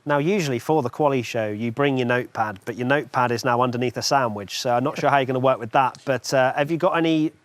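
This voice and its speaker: A man's voice: mid-range voice, quick pace, hardly any pauses, no echo. A man presenting an esports racing show, teasing and upbeat with his co-hosts.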